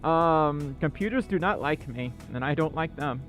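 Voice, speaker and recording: A male livestream host chatting casually with viewers, excitable and self-deprecating. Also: a little high, moderate pace, faint music behind.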